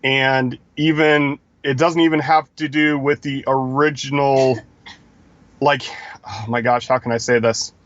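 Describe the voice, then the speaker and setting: A man's voice: mid-range voice, level tone, measured pace, a bit bright, no echo, highs cut off. A man co-hosting a live stream, lecturing emphatically in casual talk. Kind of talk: casual talk-show commentary.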